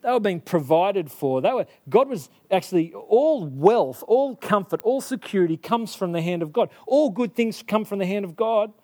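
A man's voice: high voice, animated, moderate pace, few pauses, a little mellow. A man preaching a sermon, stressing his points through repetition and speaking straight to his listeners.

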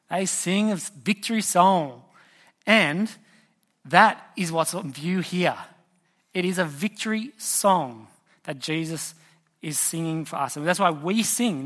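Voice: medium pitch, a bit bright. A preacher giving a sermon, telling a story and putting questions to the congregation.

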